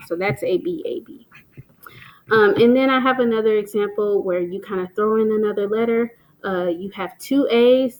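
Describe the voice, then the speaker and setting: A woman explains literary terms in a steady teaching voice. She stops often with "um" and "so", then reads short example lines aloud before going back to explaining. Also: mid-range voice, moderate pace, poor audio. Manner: plain, patient explaining with frequent "um" and "so".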